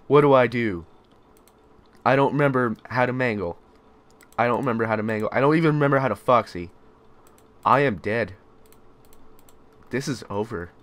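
Panicky young man playing a horror game. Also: mid-range voice. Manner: panicky, yelling and swearing in fright. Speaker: gamer. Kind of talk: let's play commentary.

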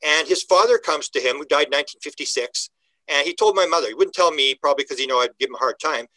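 Older male interview guest: bright, forceful delivery, animated storytelling. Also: on the high side, fast talker, no echo, poor audio. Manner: animated storyteller, acts out quoted dialogue, frequent restarts. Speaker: guest UFO researcher. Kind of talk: conversational podcast interview.

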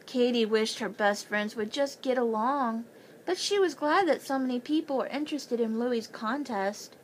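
A woman's voice: on the high side, moderate pace, slight background noise, low-quality recording. A woman reading a children's chapter book aloud as a bedtime story, lifting her voice for the children's lines.

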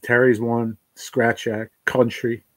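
A man crying through his words as he talks to his stream, with an average pitch and a heartfelt, halting manner. His voice sits close to the mic in a dry, dead-sounding space. He restarts and stumbles as emotion catches him. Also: level tone, dry recording. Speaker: livestream host reading chat. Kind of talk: emotional livestream chat.

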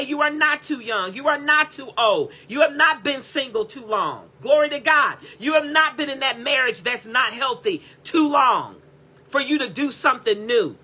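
A woman's voice: high voice, bright, forceful tone. A woman preaching an impassioned sermon as a prophetic teacher, blunt and repetitive, breaking into cries of praise. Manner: blunt, scolding and direct.

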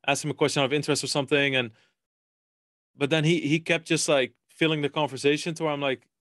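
A man on a podcast telling a wild anecdote with a fairly high voice. He rattles along at a fast clip, swearing freely and acting out the people in his story. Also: steady tone, fairly bright tone, no echo, studio quality. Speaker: podcast guest. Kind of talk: casual podcast chat.

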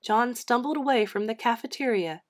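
A woman reading a children's chapter book aloud with an expressive storytelling manner. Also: on the high side, moderate pace.

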